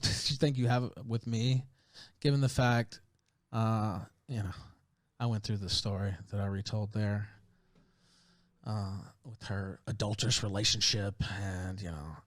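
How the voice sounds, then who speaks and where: A man's voice: medium pitch, dry recording, studio quality. A man telling a story in a rambling way, often breaking into laughter mid-sentence. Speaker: streamer in a played clip.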